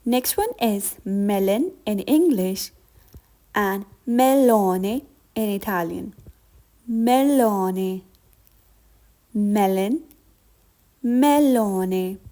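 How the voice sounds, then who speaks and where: A young woman teaching vocabulary in a lesson, slowly and deliberately repeating each word. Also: medium pitch, animated, dark tone. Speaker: language teacher.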